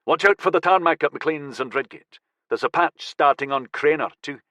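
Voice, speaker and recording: A male narrator voicing a gruff, matter-of-fact middle-aged man in an audiobook. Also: on the high side, normal speed, a bit bright, no room sound, pitched above the performer's own voice, lightly acted.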